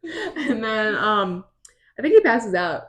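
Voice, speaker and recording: A young woman co-hosting a podcast, recapping chapters in an animated, chatty way with lots of fillers. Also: mid-range voice. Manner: animated, quick storytelling with many fillers. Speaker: podcast co-host. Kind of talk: casual book recap chat.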